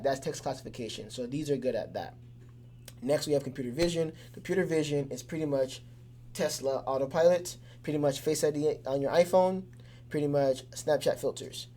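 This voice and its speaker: A man's voice: mid-range voice, warm tone, slight background noise. Casual man explaining things simply. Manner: loose and conversational, with many fillers and restarts; keeps things simple with everyday examples. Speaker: teacher.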